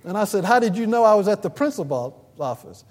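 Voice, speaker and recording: A pastor preaching a sermon in an earnest way, swelling to emphatic peaks and often pausing with "uh". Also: male voice, sits high, very animated, a little mellow, in a large hall.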